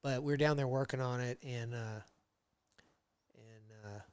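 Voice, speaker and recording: A man guesting on a podcast, telling his work history in a rambling, casual way with many fillers, and getting animated when he retells old conversations. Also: mid-range voice, unhurried, clean tone, no room sound. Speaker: podcast guest, metal fabricator. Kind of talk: casual interview storytelling.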